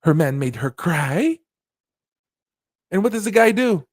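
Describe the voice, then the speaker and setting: A man with a notably high voice riffs through casual commentary, animated and profane, breaking into laughter. His voice sits close and dry on the mic, with no room around it. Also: a little slow, dry recording. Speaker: commentary channel host.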